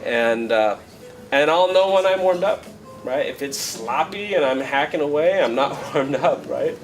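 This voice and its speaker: His voice sits on the high side, expressive and unhurried, as he leads a relaxed flamenco guitar workshop, frequently asking "right?" or "okay?". The rough recording, made in the workshop room, has loud guitar running beneath him.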